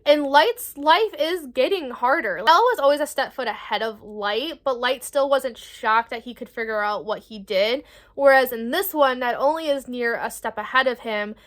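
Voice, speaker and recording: A woman's voice: high-pitched, moderate pace. A woman in her twenties giving a casual book review, rambling, swearing freely and reacting with animation. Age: 20s. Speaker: book vlogger.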